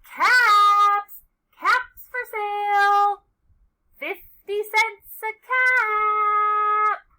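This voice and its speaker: A woman voicing a male cap peddler who shouts angrily at monkeys in a children's storybook reading. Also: extremely high pitch, flat delivery, takes it slowly, hardly any pauses, pitched above the performer's own voice, heavily acted. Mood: calling out. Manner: shouting, scolding.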